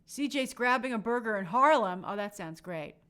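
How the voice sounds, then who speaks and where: Brief: young adult woman, slightly high voice, casual chatty live-stream host reading viewer shout-outs. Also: lively intonation, normal speed. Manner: chatty, friendly, reads names aloud.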